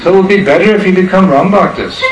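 Storyteller putting on an excitable old-world holy man, pitched up and loud, fervent, distant roomy mic. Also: fast, a crowd in the background, close to an everyday voice. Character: excitable, zealous male holy man devoted to his deity.

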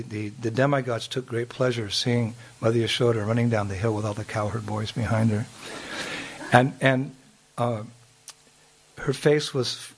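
A man's voice: mid-range voice, a little hiss or hum. A man telling a devotional story, chuckling often and restarting his sentences. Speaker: spiritual storyteller.

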